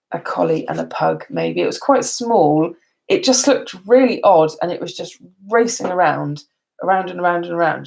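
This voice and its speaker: A woman's voice: medium pitch, gravelly, darkish tone. A tired woman chatting casually on a live stream, rambling and laughing often. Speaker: beauty vlogger.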